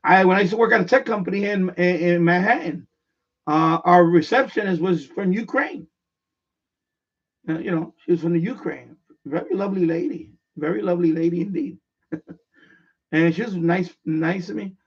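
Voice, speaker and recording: A high, husky-voiced man talks at normal speed during a casual live stream, rambling through a story he keeps restarting and repeating. He's far from the mic, and the audio is dull and lo-fi.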